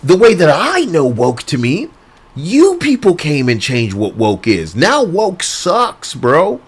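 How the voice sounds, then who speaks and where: Male streamer, crude rambling rant, fairly high voice that swings widely. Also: huge pitch swings, slow, husky. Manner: crude, rambling, laughs often. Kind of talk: casual livestream rant.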